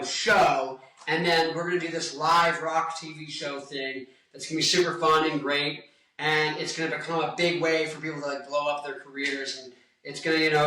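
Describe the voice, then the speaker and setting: Young guy, bright forceful voice, hyper rambling vlog, distant mic in a very echoey room. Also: a little high. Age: 20s. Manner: hyper, joking, goes off on tangents. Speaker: rock guitarist and singer.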